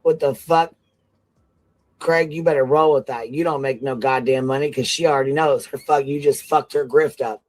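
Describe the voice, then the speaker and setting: A man on a livestream panel, chatting loudly with jokes and cursing. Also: mid-range voice, fairly even intonation, moderate pace, no room sound. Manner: loud, profane, joking. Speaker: panel guest. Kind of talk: casual livestream chat.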